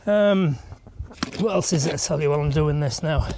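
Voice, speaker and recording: A man's voice: a little high, normal speed. Chatty man on site. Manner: rambling, chatty, self-deprecating. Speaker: self-builder vlogger. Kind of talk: casual vlog chat while working. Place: outdoor building site. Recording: noisy outdoor recording.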